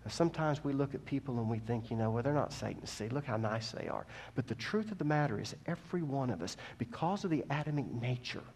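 A male preacher delivering a sermon. He goes from quiet teaching to loud, impassioned preaching and asks the congregation questions. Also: medium pitch, lively intonation, fast, hardly any pauses, slightly rough.

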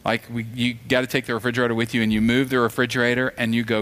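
A man's voice: mid-range voice, level tone, rapid-fire, hardly any pauses, fairly bright tone. A man preaching a sermon in a conversational, storytelling way, acting out the voices of the people in his stories. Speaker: pastor.

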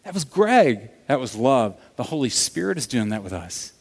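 A man preaching a sermon, telling stories in an animated way that swings from loud to hushed. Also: medium pitch, normal speed, breathy edge. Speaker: pastor. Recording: long reverb of a large hall.

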